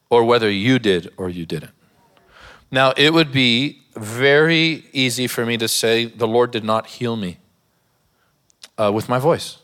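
A man's voice: medium pitch, fairly bright tone. Preacher man telling a funny story. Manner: storytelling with humor, laughing often. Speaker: pastor. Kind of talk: sermon. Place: church.

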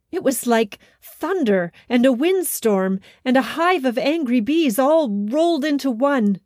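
A woman telling a children's storybook tale with gentle, expressive narration and folksy asides. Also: a little high, slow pace, dry recording, studio quality.

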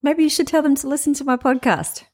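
A woman's voice: high-pitched, fairly even intonation, fast talker, a little mellow. A middle-aged woman hosting a podcast, giving frank, chatty sales advice and laughing now and then. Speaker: podcast host and sales trainer. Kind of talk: casual podcast monologue.

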